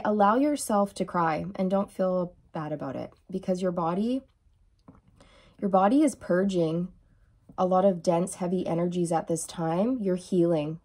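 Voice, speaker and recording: Woman, tarot reader, channeled reading, soft and emotional, reassuring, warm mellow tone. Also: fairly low pitch, measured pace.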